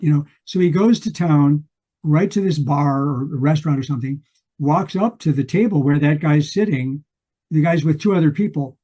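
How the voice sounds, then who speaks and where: An older man co-hosting a book podcast retells a story in a casual book discussion, rambling and restarting many times. His voice is a little high and warm, at a moderate pace.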